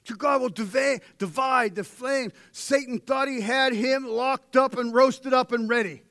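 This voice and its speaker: A middle-aged man preaching a sermon, swinging from shouted peaks down to hushed, almost whispered lines. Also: very high voice, a little slow, no echo.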